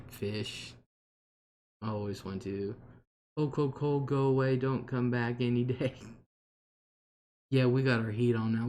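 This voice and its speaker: A man's voice: lowish voice, a little mellow. A man hosting a casual livestream from home, chatting freely, laughing often and answering viewer comments. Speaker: livestream host. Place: home, at a table.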